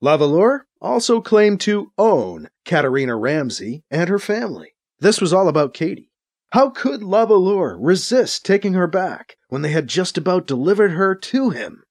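A man narrating a science fiction audiobook in a dramatic, expressive reading. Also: sits high, normal speed, few pauses, dry recording, clean studio sound. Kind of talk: audiobook narration, acting out scenes.

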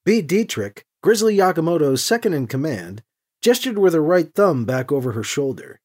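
An audiobook narrator reading with expressive storytelling. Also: mid-range voice, normal speed, husky.

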